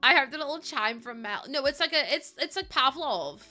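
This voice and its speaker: A woman's voice: high-pitched, expressive, moderate pace, pushed and bright, faint music behind. A British woman livestreaming, chatting casually with her viewers, laughing often and swearing freely. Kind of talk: casual stream chat.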